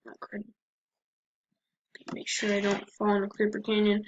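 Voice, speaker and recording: This let's-play commentator speaks in a monotone, mid-range voice at normal speed, chatting to herself as she plays. It's casual talk recorded on a dull, lo-fi mic with faint noise.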